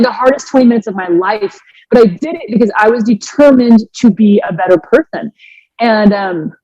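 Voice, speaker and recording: A woman in her forties, a fitness coach, telling her personal story in an earnest, animated way with many restarts. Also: a little high, no room sound. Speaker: fitness coach and podcast guest. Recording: dry, slightly dull sound.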